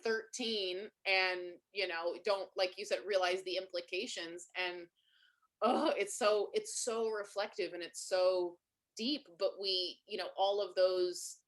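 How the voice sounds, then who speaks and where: A woman's voice: mid-range voice, measured pace. A woman hosting a webinar in casual conversation, telling stories animatedly and filling her talk with "you know" and "like". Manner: animated storyteller, acts out quoted voices; many fillers like "you know" and "like". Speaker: webinar host.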